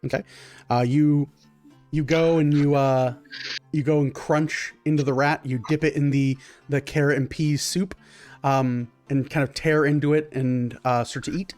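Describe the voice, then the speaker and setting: A man's voice: a little high, steady tone, unhurried, a little mellow, faint music behind. A man narrating a tabletop game as game master, describing scenes in a rambling way with many fillers.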